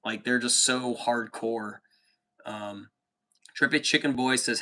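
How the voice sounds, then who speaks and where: Bright-voiced man swearing casually. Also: mid-range voice, fairly even intonation, slow pace. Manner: profane, rambling, says dude a lot. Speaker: livestream host reading chat. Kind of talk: casual chat.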